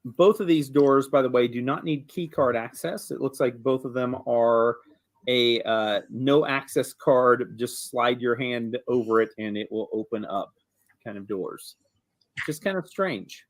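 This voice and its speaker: Male game master narrating a tabletop game, unhurried and halting, everyday mid-range voice. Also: medium pitch. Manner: relaxed, hesitant, many ums.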